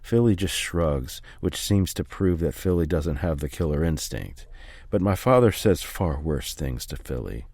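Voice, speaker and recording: A man reading a first-person memoir aloud in a steady, measured way. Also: rumbling low, no room sound, studio quality. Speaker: audiobook reader.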